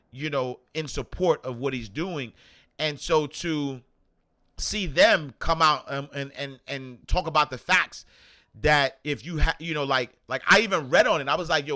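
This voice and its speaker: A man hosting a casual news commentary show, rambling with many fillers and getting animated when indignant. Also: on the high side. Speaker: host.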